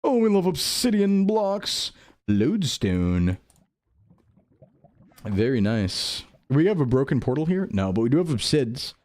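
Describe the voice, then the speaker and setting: A man's voice: mid-range voice, sing-song, a little slow, darkish tone. A young man rambling through casual gameplay commentary, jokey and self-mocking. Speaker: streamer.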